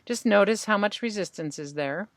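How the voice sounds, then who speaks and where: A woman hosting a podcast as a tapping practitioner, calmly guiding her guest through tapping points and phrases to repeat. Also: mid-range voice, moderate pace, no room sound.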